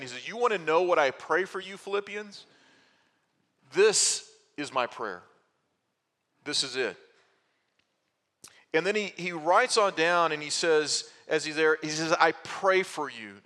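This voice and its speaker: A man in the pulpit giving a teaching sermon, working through a passage with rhetorical questions and small restarts. His voice is bright and sits a little high. The sound carries a long hall reverb. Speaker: pastor. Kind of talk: expository sermon.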